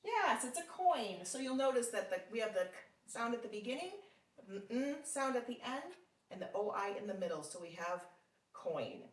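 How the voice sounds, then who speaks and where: A patient woman teaches a one-on-one phonics lesson, encouraging the learner with frequent praise and sounding out words slowly and deliberately. Her medium-pitched voice is expressive. The mic is distant, giving a slightly roomy sound.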